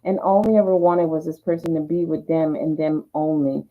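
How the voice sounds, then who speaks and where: A woman's voice: low voice, steady tone, moderate pace. A woman reading tarot, voicing the cards' messages in first person and then explaining them. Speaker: tarot reader. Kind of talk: channeling tarot card messages. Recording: tinny phone-like sound.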